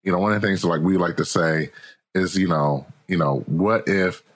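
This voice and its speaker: An American man, a podcast guest and author, telling stories in a casual, slangy, animated way and laughing often. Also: deep voice, moderate pace. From United States. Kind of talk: casual interview chat.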